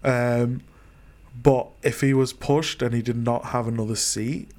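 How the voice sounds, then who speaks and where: A man's voice: medium pitch, fairly even intonation, unhurried, a little mellow. Chatty laughing man hosting. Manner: chatty, laughs often, keeps the talk moving. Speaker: podcast host. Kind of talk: casual chat.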